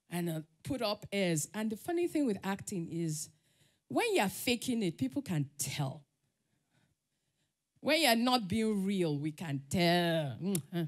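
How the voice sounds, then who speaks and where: A woman with a Nigerian accent giving a conference talk, telling personal stories, laughing often and acting out the voices she quotes. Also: mid-range voice. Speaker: conference speaker. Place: summit stage.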